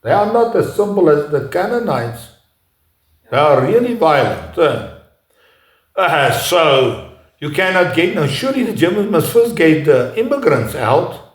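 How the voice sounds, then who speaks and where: A man with a somewhat raised pitch lectures off the cuff, stopping often to search for words and restarting his sentences. His voice rings around a reverberant room. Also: very animated. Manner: halting, with frequent "uh" pauses and restarts. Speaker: speaker giving a talk. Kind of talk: unscripted lecture. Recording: echoey room.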